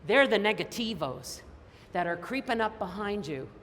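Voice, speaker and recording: A woman from Canada giving a high-energy motivational keynote, telling stories with lots of emphasis. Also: lively intonation, moderate pace, a bit bright. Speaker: keynote speaker. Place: large conference hall. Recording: echoey hall with faint noise.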